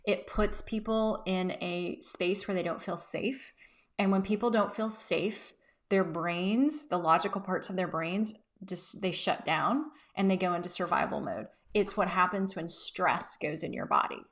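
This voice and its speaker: A woman in her thirties, a business coach talking casually to camera, telling workplace stories with emphatic, animated asides. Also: fairly low pitch, measured pace.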